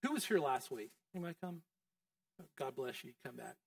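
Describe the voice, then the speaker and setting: A man's voice: medium pitch, very animated, a little fast, vocal fry, no echo, studio quality, recorded from a distance. A man preaching a sermon as pastor, in a casual, conversational way that keeps quizzing the congregation. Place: church.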